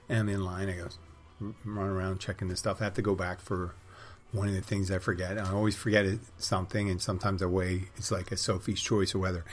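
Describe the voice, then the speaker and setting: A middle-aged man hosting a podcast, telling wry, crude, rambling stories in a casual monologue. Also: low voice. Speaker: podcast host.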